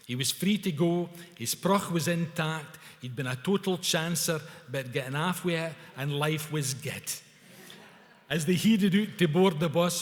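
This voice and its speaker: Speaking at a cultural event in a hall, a Scotsman spins a tale for the crowd using broad Scots words in his native dialect. The pitch is fairly high, the delivery unhurried, and the room sounds big.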